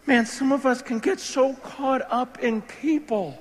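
A male pastor preaching a sermon, impassioned, swinging between loud emphasis and hushed, soft passages. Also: extremely high pitch, unhurried. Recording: long reverb of a large hall.

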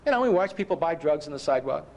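High-voiced preacher telling stories. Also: male voice, sing-song, very fast, gravelly, a little hiss or hum. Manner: self-mocking humor, rhetorical questions to listeners. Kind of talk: sermon with personal stories.

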